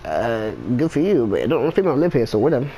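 During an online game, a man banters casually with a friend, very animated and quick, his medium-pitched voice dark-toned on a rough recording. His gaming chat is profane and slangy, mixing jokes with blunt advice.

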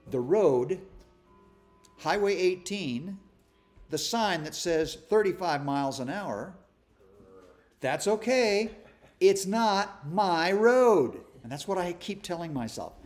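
A man's voice: sits high, animated, slow, long pauses, soft background music. A man leading a Bible study as its pastor, giving an informal sermon in a folksy, conversational way with self-deprecating humor and frequent restarts. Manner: stumbles and restarts often.

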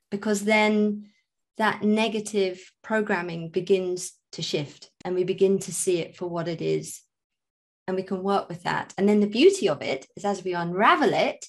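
A woman health coach, a guest on a video call, explaining her approach in a calm, reflective way. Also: medium pitch.

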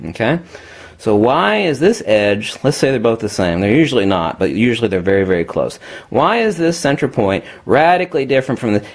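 A man's voice: mid-range voice, vocal fry, husky. A man giving an unscripted, emphatic talk while demonstrating magnets, addressing viewers as kiddies.

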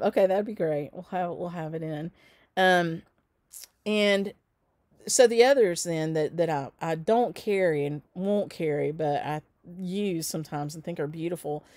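A woman's voice: lowish voice, darkish tone, no echo. A woman who runs a stitching shop, chatting casually and cheerfully with viewers on her weekly show, with lots of fillers and frequent laughs. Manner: chatty and upbeat, many fillers, laughs often. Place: indoors at home.

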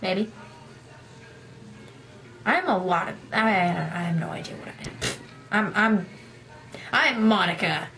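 A woman's voice: mid-range voice, expressive, slow, long pauses, fairly bright tone, soft background music. Chatty young woman telling a gaming story. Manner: chatty, rambling, self-deprecating, acts out her own past lines. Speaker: gaming vlogger. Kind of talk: casual storytelling monologue.

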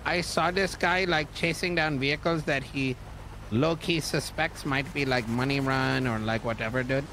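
Man playing a bright, slangy, aggrieved civilian. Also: mid-range voice, steady tone, normal speed, a little hiss or hum, poor audio. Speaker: complaining civilian. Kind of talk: role-play game chat.

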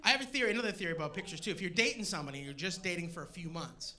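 A high-voiced male stand-up comedian performs a set on a comedy stage before a live audience, his delivery racing and animated. He hits loud punchlines to a laughing crowd, and the live recording carries loud crowd laughter.

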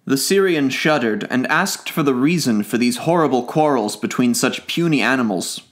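A male audiobook reader telling a classic tale. His delivery is even and clear, at a middling pitch, steady as it moves from one sentence to the next. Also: normal speed. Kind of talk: classic literature audiobook narration.

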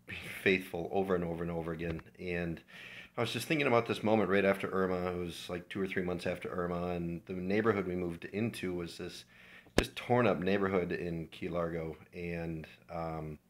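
Low-voiced man giving earnest devotional. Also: fairly even intonation, a little fast, slight background noise. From Minnesota, USA. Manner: earnest, heartfelt personal testimony. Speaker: church devotional speaker. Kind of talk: informal devotional talk.

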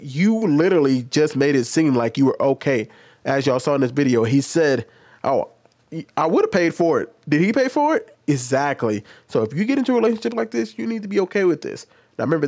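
In a dry recording, a man with a mid-range, darkish voice hosts a casual commentary video. He's chatty, tells stories, and speaks straight to his viewers.

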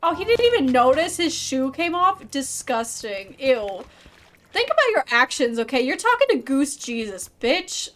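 A woman's voice: high voice, very animated, measured pace. A woman streaming a video game, chatting playfully with viewers in a bubbly, casual way with some swearing. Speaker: gaming streamer. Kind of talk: let's play commentary.

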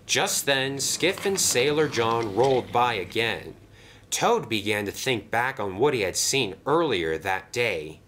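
Lively male storybook narrator. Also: medium pitch, measured pace, a little hiss or hum. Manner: lively, expressive.

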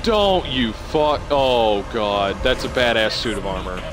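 A young man giving live commentary on a video game he is playing, excitable and swearing as he reacts out loud. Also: medium pitch, unhurried, music in the background. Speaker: gameplay streamer. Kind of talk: live let's-play commentary.

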